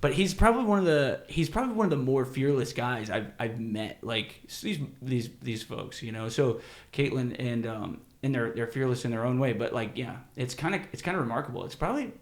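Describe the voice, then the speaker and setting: A man's voice: medium pitch, animated, a little fast, reverberant. A man hosting a podcast, telling rambling, profane stories in casual chat and laughing often. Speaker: podcast host.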